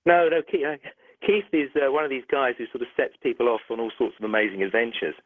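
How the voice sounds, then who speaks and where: A middle-aged man, a doctor, telling a story in a phone interview, animated and restarting sentences often. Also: mid-range voice, quick pace, dry recording. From United Kingdom. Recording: tinny dry phone line.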